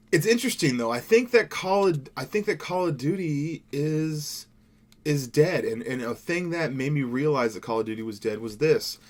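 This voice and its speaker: Laid-back young man rambling over gameplay. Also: medium pitch. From Seattle, USA. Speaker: gaming YouTuber. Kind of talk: casual gameplay commentary.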